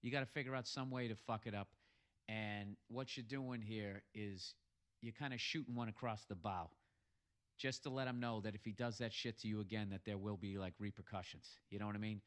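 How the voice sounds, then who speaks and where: Pitched on the low side and steady in tone, a man moves briskly through a crude, funny bar story and some blunt advice. He's loud and foul-mouthed, swearing often, in a bout of profane comic storytelling.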